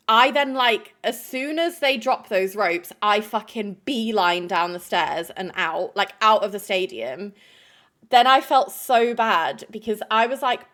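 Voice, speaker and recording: A woman's voice: medium pitch, a bit bright. A woman streamer telling chat a stressful story in a rambling, emotional way, full of fillers.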